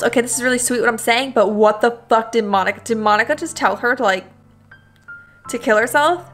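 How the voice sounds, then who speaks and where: A woman's voice: a little high, fairly quick, fairly bright tone, faint music behind. A young woman hosting a let's-play, blunt and reactive, swearing and talking straight to her viewers. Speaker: gaming video host.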